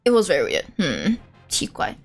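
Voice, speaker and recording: A young woman streaming a game, chatting casually in an animated, giggly way. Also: on the low side, moderate pace, creaky, husky, faint music behind. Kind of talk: casual let's-play chat.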